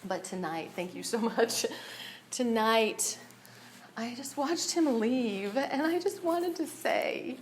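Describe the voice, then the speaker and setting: A woman's voice: a little high, animated, takes it slowly, a little hiss or hum. A woman giving a personal share at a recovery meeting, nervous and emotional, often breaking into laughter as she speaks candidly.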